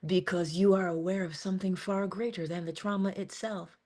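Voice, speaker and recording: A woman's voice: on the low side, fairly even intonation, normal speed, darkish tone. A woman giving an earnest but casual inspirational monologue as a motivational speaker, talking conversationally with sudden emphasis.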